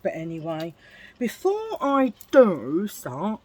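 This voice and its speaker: A woman's voice: fairly low pitch, animated, normal speed. Chatty self-mocking woman. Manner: chatty, self-mocking, laughs at her own jokes. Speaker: beauty vlogger. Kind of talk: casual get-ready-with-me chat.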